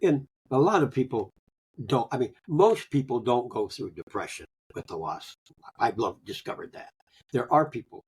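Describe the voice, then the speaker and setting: Older male guest, gravelly and husky, homespun storyteller who drops to a murmur at line ends. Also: mid-range voice. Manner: folksy storytelling with chuckles, trailing off softly. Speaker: guest, grief author. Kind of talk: conversational interview.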